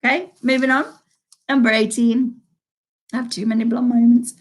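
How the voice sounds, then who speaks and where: A woman's voice: a little high, fairly even intonation, normal speed, long pauses. A woman from the United Kingdom hosting a live online pub quiz, reading each question twice and chatting about players' scores. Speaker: quiz host.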